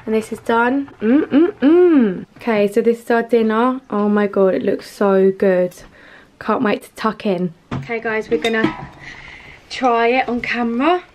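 A woman's voice: on the high side, unhurried, darkish tone, slight background noise. Giggly young woman vlogging. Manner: chatty, giggly, talks to viewers. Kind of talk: casual vlog chat.

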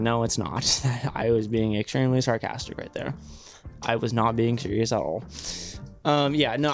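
A young man talks casually to his viewers, rambling from one thought to the next and dropping sarcastic jokes and swear words. He sits close to a desk mic, and faint music plays underneath. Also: medium pitch. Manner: rambling, joking, sarcastic asides. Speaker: reaction video host. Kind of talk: casual reaction commentary.

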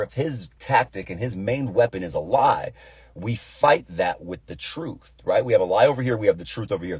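Husky-voiced man teaching scripture earnestly. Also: sits low, a little mellow, no room sound. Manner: earnest, repeats phrases for emphasis. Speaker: devotional Bible teacher. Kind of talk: informal devotional teaching.

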